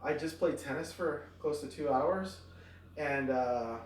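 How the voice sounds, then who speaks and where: A tired man talks through his stretches in a relaxed, rambling way, full of ums and uhs. His voice sits a bit high for a man. It sounds roomy and echoey, and he is some way off from the mic. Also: a little slow, recorded from a distance, slight background noise. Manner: relaxed, rambling, many fillers. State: tired after exercise. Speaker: fitness vlogger. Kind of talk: casual exercise vlog. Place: at home near a backyard.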